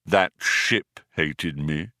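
A man voicing a gloomy, depressed male robot in an audiobook, with a muffled, mournful drone and slow, dejected delivery. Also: low-pitched, animated, sharp tone, no room sound, clean studio sound, full character voice. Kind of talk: audiobook character voice.

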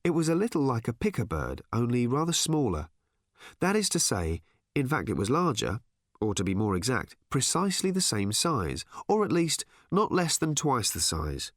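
An audiobook narrator, a man, delivers scripted narration with expressive, wry storytelling. His mid-range voice moves at a moderate pace in clean studio sound with no room echo.

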